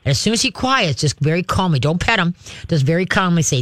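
A man's voice: fairly high pitch, fast, no echo. A man hosting a call-in advice show as a dog trainer, talking in a folksy, homespun way. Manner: folksy, homespun, animated demonstrations. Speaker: radio dog trainer host.

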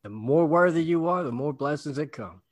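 A man's voice: fairly high pitch, expressive, normal speed. Man talking motivation, affirming. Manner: motivational, affirming, repeats words. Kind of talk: casual podcast conversation.

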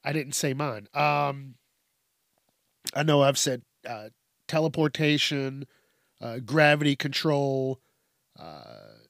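A man's voice: medium pitch, animated, takes it slowly, gravelly, long pauses, a bit bright, no room sound, clean studio sound. A man hosting a solo podcast, rambling casually with a lot of swearing and laughing at his own tangents. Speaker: podcast host.

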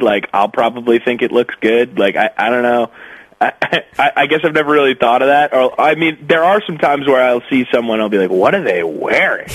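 A man's voice: medium pitch, a bit bright, no room sound, poor audio. A young man co-hosting a casual podcast, talking in an easygoing, enthusiastic, rambling way. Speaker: podcast co-host.

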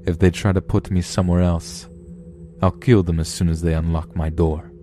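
A man's voice: low-pitched, flat delivery, moderate pace, mellow, natural voice. A man voicing a cruel, taunting male demon with a smug, mocking manner, music playing behind. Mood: threatening. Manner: mocking, menacing, gleeful.

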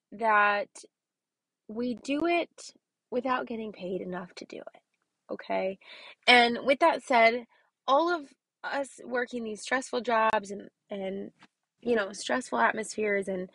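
A kindergarten teacher hosts a casual motivational podcast in a fairly high, somewhat bright voice, recorded with no echo. She speaks emphatically, repeatedly checking in with the listener by asking "okay?" and dropping to a whisper for key points.

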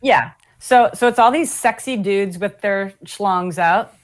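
Guest musician, a woman, lively storyteller who laughs a lot and acts out voices. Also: mid-range voice, measured pace. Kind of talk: casual storytelling chat.

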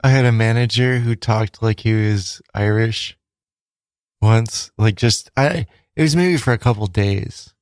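A man's voice: on the low side, a little slow, darkish tone, no echo. A man chatting casually on a radio show, laid-back and a little hesitant, with short replies.

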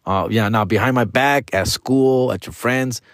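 A man's voice: mid-range voice, unhurried, a bit bright, no room sound, clean studio sound. A man in his forties hosting a podcast, talking in a casual monologue that is full of profanity and slang and sprinkled with Spanish phrases. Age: 40s. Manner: profane, slangy, frequently addresses listeners as dog and fool. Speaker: podcast host.

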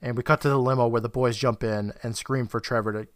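A man's voice: mid-range voice, steady tone, fast talker, no echo, clean studio sound. Man recapping a show, laid-back. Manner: laid-back storytelling, laughs often. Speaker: podcast co-host. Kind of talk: casual episode recap.

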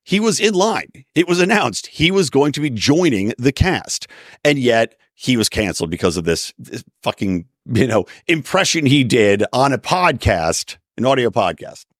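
A man's voice: mid-range voice, no room sound, clean studio sound. A man, hosting his own podcast as an opinionated solo commentator who rants with wry asides. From Philadelphia area. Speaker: podcast host.

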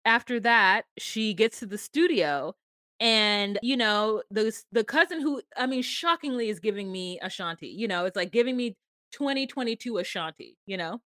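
A woman's voice: mid-range voice, animated, normal speed, a bit bright, dry recording, studio quality. A woman co-hosting a podcast, casually recapping a reality show with sarcastic, profane commentary and acted-out quotes. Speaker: podcast co-host.

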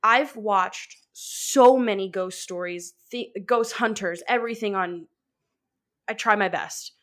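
A woman co-hosting a podcast in casual chat, rambling and excitable, filling her talk with "like.". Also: medium pitch, slow. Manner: rambling, fills with "like"; excitable, laughs often. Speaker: podcast co-host.

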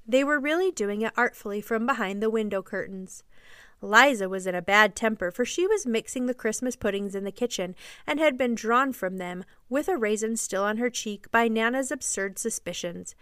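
Storyteller: woman, fairly high, smooth clear voice, expressive audiobook reading. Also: no room sound, studio quality. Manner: expressive, measured storybook narration. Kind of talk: reading a classic novel aloud.

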